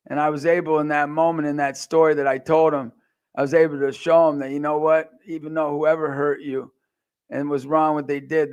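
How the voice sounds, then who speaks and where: American man, 40s, gravelly, slightly high voice, passionate testimony, loud and soft by turns. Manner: impassioned, swings from quiet to loud, acts out quotes. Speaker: speaker. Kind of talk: personal testimony talk.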